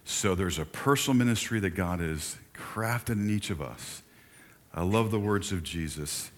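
A man's voice: low-pitched, lively intonation, a little slow. An older man preaching a sermon in a church, talking conversationally and turning to chat with the congregation. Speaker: pastor. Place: church sanctuary.

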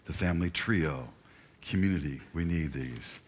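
A man's voice: rumbling low, normal speed, breathy edge. An older man preaching a sermon in a church, talking conversationally and turning to chat with the congregation. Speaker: pastor. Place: church sanctuary.

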